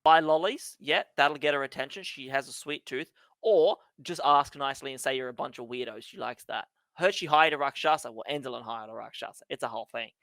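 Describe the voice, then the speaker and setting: A game master voicing a centuries-old boy in a child's body who lays out plans in a brisk, bossy way and swears freely, on a dry close mic. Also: mid-range voice, fairly bright tone, no room sound, lightly acted. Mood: brusque. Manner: brisk, bossy, swears, keeps asking "right?". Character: ancient boy in child's body, brusque leader.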